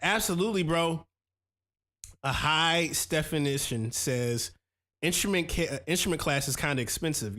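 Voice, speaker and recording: A man's voice: a little high, expressive, normal speed, bright, forceful tone. A man in his thirties hosting a casual stream, reading viewer comments aloud and talking loose and slangy about making beats. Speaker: host reviewing viewer beats. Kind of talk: casual livestream chat.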